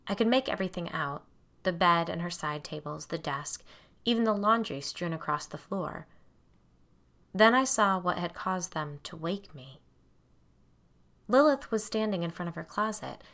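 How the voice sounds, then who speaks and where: Low-voiced woman narrating a horror story. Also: lively intonation, moderate pace, a bit bright. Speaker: audiobook narrator. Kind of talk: scripted first-person horror narration.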